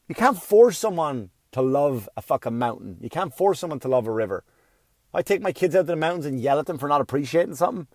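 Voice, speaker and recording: A man's voice: fairly high pitch, lively intonation, brisk, dry recording. Profane ranting stand-up comedian, man. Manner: profane, ranting, swings from mutter to yelling.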